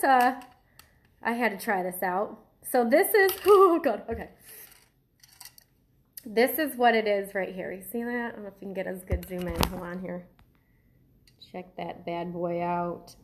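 A woman vlogging to the camera as she tries a strange food, nervous and giggly, laughing through her fear. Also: fairly high pitch. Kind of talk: casual food-tasting vlog.

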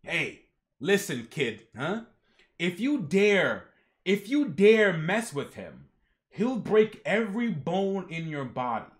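A man voicing a tough old grandfather who is a martial arts master, speaking in a gruff, threatening way. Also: sits high, sing-song, takes it slowly, full character voice.

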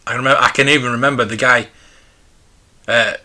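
A man in his forties from the United Kingdom hosts a casual live stream, rambling nostalgically while reading viewer comments. His medium-pitched voice is steady and sharp in tone, and he talks fairly quickly.

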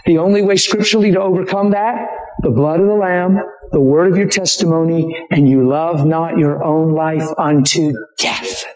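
A man preaching a sermon with impassioned emphasis, sometimes shouting, sometimes slowing to stress a point. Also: on the high side, roomy sound, low-quality recording.

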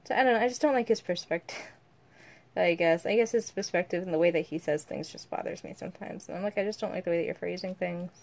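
A woman's voice: on the low side, fast talker, gravelly. A young woman filming at home as a mother, chatting casually and venting, quoting her partner in mock voices. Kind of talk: casual home vlog chat. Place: home, indoors.

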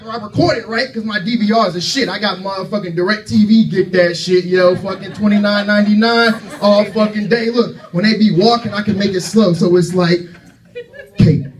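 Give me a man in his thirties, high-voiced and loud, doing a profane stand-up set, recorded from a distance. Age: 30s. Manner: brash, loud and profane, riffing with the crowd. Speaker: stand-up comedian. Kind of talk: stand-up set in a comedy club. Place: comedy club stage.

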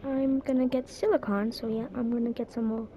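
A young woman giving casual, chatty commentary as she plays a game, with quick excited exclamations. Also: on the high side, highs cut off, a little hiss or hum. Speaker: gamer. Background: game music.

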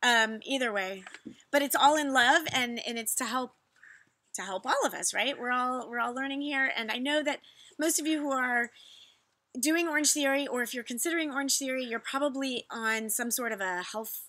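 A woman's voice: high-pitched, normal speed, sharp tone, dry recording. A woman fitness vlogger chatting casually to her viewers, talking in loose bursts with restarts and reading their messages aloud. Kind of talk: casual chat to camera.

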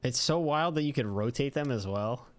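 A man chatting casually with friends during a game, relaxed and amused. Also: mid-range voice, moderate pace. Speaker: gaming friend. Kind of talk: casual gaming chat.

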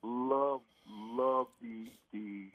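Guesting on sports radio, a middle-aged former football player talks in a casual, emphatic way, often restarting and repeating phrases. His mid-range voice is steady and draws out words, carried by a dry, tinny phone line.

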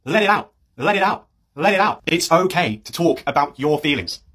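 A man playing a laid-back British hipster bro who preaches wellness, in a husky voice and a sketch-comedy style. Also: a little high, animated. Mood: soothing. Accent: British English. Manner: mellow, chummy, drawn-out sympathy.

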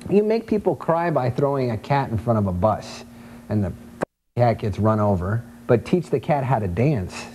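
A man's voice: medium pitch, sing-song, normal speed, background noise. A man, a guest in a casual interview, cracking jokes and stumbling over his words. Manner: jokey, stumbling restarts. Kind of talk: casual joking chat.

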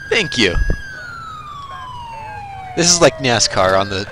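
Lively, ranting gamer man. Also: medium pitch, slow, pauses often, background noise. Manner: joking, ranting at other drivers. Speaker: gaming channel host. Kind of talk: gameplay commentary.

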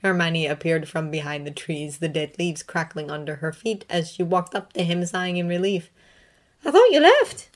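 A woman with a fairly low voice reads a story aloud. Her narration is emotive, rising and falling in pitch as the feeling of the text shifts. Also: fairly even intonation, normal speed, few pauses. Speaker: reader. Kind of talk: emotive reading of a fanfiction story.

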